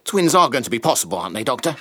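An actor playing a keen, earnest husband ordering a deliberately plain baby from a doctor. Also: male voice, medium pitch, very animated, a bit bright. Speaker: prospective father.

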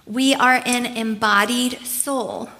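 Woman preacher, bright and a bit high, earnest, conversational sermon delivery. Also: steady tone, slow pace.

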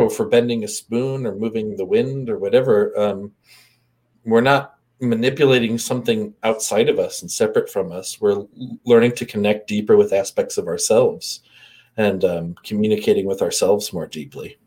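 A man's voice: on the low side, fairly even intonation, moderate pace, a little mellow. Man, co-host, casual spiritual talk, reflective, frequent fillers, laughs easily. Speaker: co-host, energy healer.

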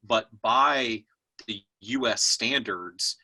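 A man's voice: mid-range voice, slow, bright, forceful tone, slightly rough. A middle-aged man from Austin, Texas, a guest talking casually on a podcast and leaning on "you know" and "right?". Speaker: guest, fashion week founder.

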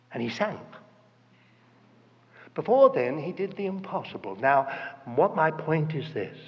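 A man's voice: fairly high pitch, sing-song, a little slow, pauses often. A man preaching a sermon, telling a story dramatically and acting out the quoted voices. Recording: dull reverberant hall recording.

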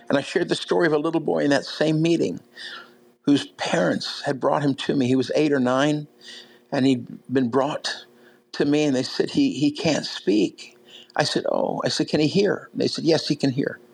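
A man's voice: on the high side, steady tone, moderate pace, vocal fry, husky, low-quality recording. A big man preaching, telling stories conversationally with many fillers and restarts. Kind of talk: sermon storytelling.

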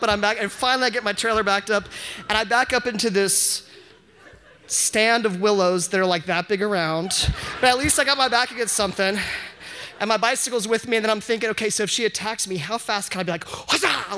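A man telling an unscripted story at a live event, animated and self-mocking, often breaking into laughs. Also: high voice. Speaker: audience member telling a story. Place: live event before an audience.

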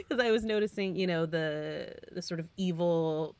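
A woman's voice: on the low side, sing-song, takes it slowly, no room sound. A woman co-hosting a casual podcast chat, talking loosely with lots of fillers and breaking into laughter often. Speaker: podcast co-host.

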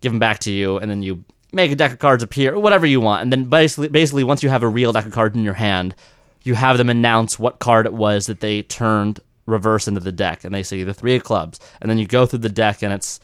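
A man co-hosting a podcast in casual, animated chat who slips into mocking impressions. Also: lowish voice, quick pace, clean tone, no echo, studio quality. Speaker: podcast co-host.

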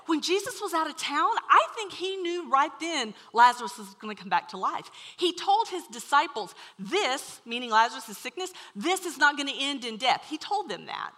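A woman preaching a sermon to a room, telling a story with animated swings from loud to hushed. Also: sits high. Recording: long hall reverb.

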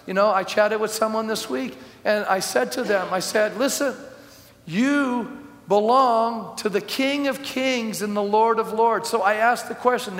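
A pastor delivers his sermon in a high, ringing voice, telling a story and acting out the people in it before rising to emphatic declarations. His voice echoes through a large hall with a long reverb. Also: a little slow, a bit bright. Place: church hall.

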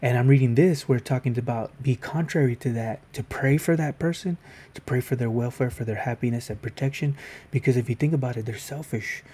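Mellow-voiced man giving a casual Bible talk. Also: medium pitch, brisk, husky. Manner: reads scripture aloud then explains it conversationally. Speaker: video devotional speaker.

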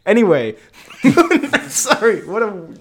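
Young male co-host, casual rambling banter, frequent laughs, animated and a touch high-pitched. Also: slow, slightly rough. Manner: laughs often, rambling and jokey. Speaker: podcast co-host. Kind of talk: casual chat.

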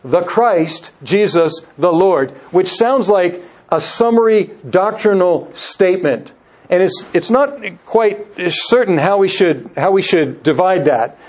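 Male Bible teacher, high pitch, measured and repetitive delivery, muffled recording. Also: lively intonation, darkish tone. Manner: measured, repeats words and restarts phrases. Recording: dull lo-fi recording.

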